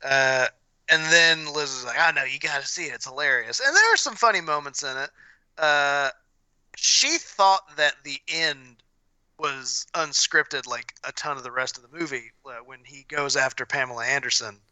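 Very bright-voiced man on a podcast. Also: a little high, animated, normal speed, clear, resonant tone, no room sound, rough recording. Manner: thoughtful, hedging, many fillers. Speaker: podcast co-host. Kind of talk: casual podcast chat.

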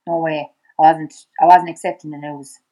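A middle-aged Irish woman, a podcast guest, retelling events in conversation. She talks in a fast, halting way, acting out past dialogue with many restarts. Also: low voice, level tone, warm tone, poor audio. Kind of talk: personal storytelling in conversation.

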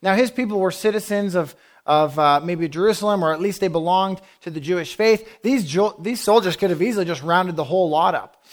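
A man's voice: high voice, brisk. A man preaching a sermon, telling the story emphatically and acting out the speakers he quotes. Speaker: pastor.

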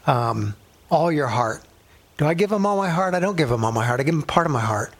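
A man's voice: on the high side, expressive, brisk. A middle-aged male pastor teaching a sermon in a conversational way, telling personal stories and using a coffee cup as a prop.

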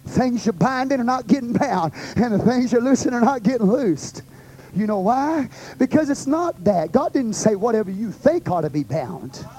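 High-voiced Texan preacher teaching a Bible study. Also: male voice, animated, normal speed, breathy edge, rough recording. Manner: impassioned, swings from loud to hushed. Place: church meeting room with a group.

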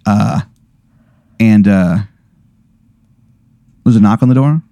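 A man's voice: fairly low pitch, takes it slowly, creaky, mellow. A man hosting a podcast who tells a comic hypothetical story in a rambling, profane way, full of fillers. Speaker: podcast host.

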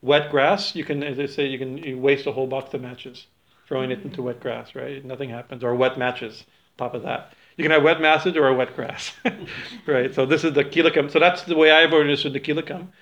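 A man teaching a small group in an informal spiritual talk, halting with many fillers and restarts. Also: mid-range voice, steady tone, a bit bright, highs cut off.

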